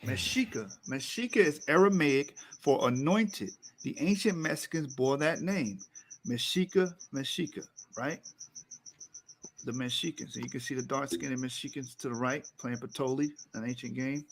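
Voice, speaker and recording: A man co-hosting a talk, presenting slides in a lecture style. He is emphatic, repeating key words and climbing in pitch when he drives a point home. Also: expressive, normal speed.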